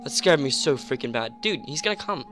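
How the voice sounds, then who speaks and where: A young man giving rambling, excitable commentary on a game at home, full of fillers and sudden yelps. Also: mid-range voice, a little fast, faint music behind. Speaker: gamer. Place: home room.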